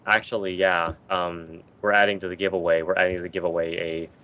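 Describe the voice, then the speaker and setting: Low-pitched male co-host, jokey rambling storyteller, lo-fi voice chat. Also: level tone, brisk. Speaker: podcast co-host. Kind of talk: casual group chat.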